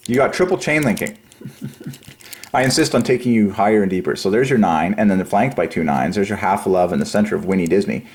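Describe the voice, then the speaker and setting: A man hosting a religious channel, rambling through a numerology monologue, excitable and giggly, then dropping to low quiet mumbling while he counts. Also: a little fast. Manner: giggly, excitable, breaks into high laughs. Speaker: religious YouTube channel host.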